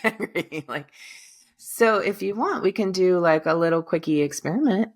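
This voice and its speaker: A woman speaking as a healer on an interview podcast, calm and gentle, at times leading a guided breathing meditation. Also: lowish voice, moderate pace. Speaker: guest healer and hypnotherapist.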